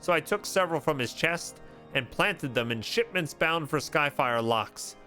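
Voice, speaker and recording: A remorseful male guardsman pours out his confession in a grave, steady voice, read aloud by a man. The tone is bright and clear. Soft game music plays underneath. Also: fairly high pitch, moderate pace.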